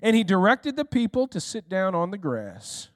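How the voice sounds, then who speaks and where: A male pastor delivers a sermon in a high voice with sweeping swings of pitch. He keeps checking in with the congregation and asking them questions. The sound is dry and close, with little room echo. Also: wildly swooping pitch, moderate pace. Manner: speaks directly to listeners in the room.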